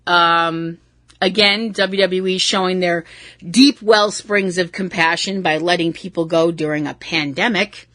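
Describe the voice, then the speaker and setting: A woman hosting a show, chatting casually about pro wrestling with blunt, animated rants and frequent swearing. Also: on the low side, a little slow, dry recording. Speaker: podcast host.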